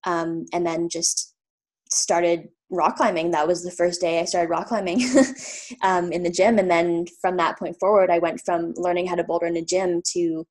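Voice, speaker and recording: Casting note: woman from Canada, thirties, slightly low voice, chatty interview guest who rambles through anecdotes with fillers and laughs. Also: flat delivery, normal speed, a little mellow. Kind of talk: casual storytelling.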